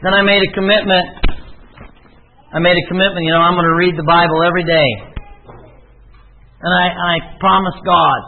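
Man, preacher, high-pitched voice, earnest testimony, rhetorical questions, tinny phone-like sound. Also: fairly even intonation, normal speed, long pauses. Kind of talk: sermon with personal testimony.

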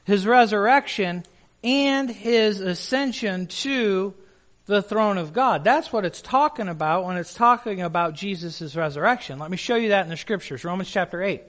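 A man's voice: high-pitched, normal speed, a bit bright. A male pastor preaching a sermon in an emphatic way, putting questions to the congregation.

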